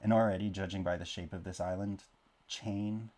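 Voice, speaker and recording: Low-pitched guy, casual rambling commentary, self-deprecating humor while drawing. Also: steady tone, normal speed, a little mellow. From born in Canada, raised in Oklahoma. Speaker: map-drawing video creator.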